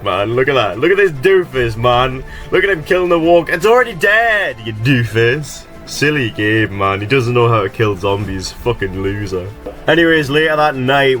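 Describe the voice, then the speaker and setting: A man giving sarcastic, exasperated gameplay recap commentary, swearing often and jumping into high excited yelps. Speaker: gaming video creator.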